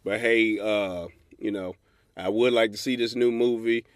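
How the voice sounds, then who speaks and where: A man's voice: fairly low pitch, fairly even intonation, a little slow, clean tone, dry recording, studio quality. Blunt, profane male comedian ranting. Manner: blunt, profane, preachy advice-giving; acts out quoted voices. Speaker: comedian podcast host. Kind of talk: stand-up style comic monologue.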